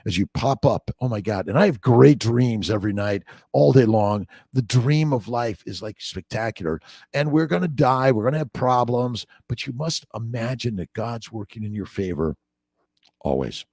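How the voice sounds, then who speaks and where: A man's voice: medium pitch, expressive, normal speed, darkish tone, slightly rough, no room sound, clean studio sound. Older man preaching an upbeat morning livestream. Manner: enthusiastic, preachy, greets viewers by name. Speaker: doctor hosting a morning livestream. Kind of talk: casual livestream monologue.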